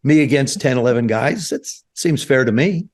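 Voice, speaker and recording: A man in his seventies from New Jersey, a guest telling stories in an animated way on a podcast. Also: medium pitch, normal speed. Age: 70s. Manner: animated storyteller, acts out quoted voices. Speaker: guest, former quarterback. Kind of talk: storytelling interview. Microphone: podcast studio mic.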